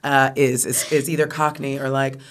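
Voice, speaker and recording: Animated American woman comedian chatting. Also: a bass voice, moderate pace. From United States. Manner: animated, laughing, trailing restarts. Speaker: comedian guest. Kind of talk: casual interview chat.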